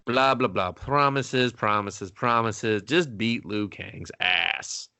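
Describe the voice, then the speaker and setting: A man co-hosting a casual movie review podcast, telling the plot in a profane, animated way. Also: lowish voice, slow, clear, resonant tone, no room sound. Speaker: podcast co-host.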